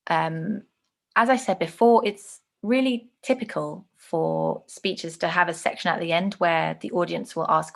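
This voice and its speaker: A woman teaching an online lesson on speech delivery, explaining in a conversational way with frequent ums and slowing down to stress words. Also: low-pitched, gravelly.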